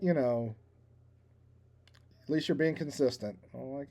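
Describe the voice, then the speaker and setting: Mellow-voiced man telling a rambling story. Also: medium pitch, a little slow, long pauses. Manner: rambling storyteller, self-deprecating, laughs at himself. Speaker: podcast co-host. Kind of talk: casual chat.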